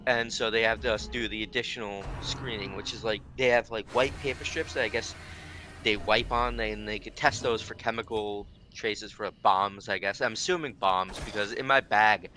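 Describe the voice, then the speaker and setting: Bright-voiced American man telling stories. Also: on the low side, moderate pace, slight background noise. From United States. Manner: animated, laughs often, swears, many "like" fillers. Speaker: streamer, host. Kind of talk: casual storytelling while playing a game.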